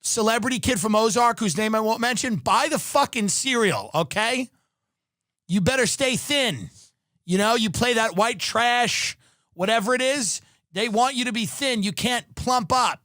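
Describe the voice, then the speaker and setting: A man's voice: very high-pitched, moderate pace, sharp tone, no echo, clean studio sound. A man hosting a podcast, delivering a profane, sarcastic comedic rant full of exaggeration. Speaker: podcast host.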